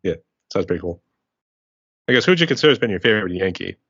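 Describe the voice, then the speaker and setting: Fast-talking deep-voiced podcast host. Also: male voice, sing-song, fairly bright tone, husky, no echo, highs cut off. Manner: quick, easygoing questions. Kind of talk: casual interview chat.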